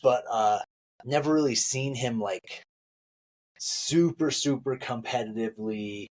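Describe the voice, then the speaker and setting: A man co-hosting a podcast, retelling family stories in casual chat, laughing and throwing his voice high for quotes. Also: measured pace. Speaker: podcast co-host.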